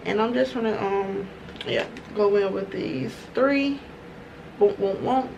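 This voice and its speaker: Profane, animated woman vlogger. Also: medium pitch, takes it slowly, creaky, highs cut off, background noise. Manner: profane, animated, slangy storytelling. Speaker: beauty vlogger. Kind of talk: casual storytime while doing makeup.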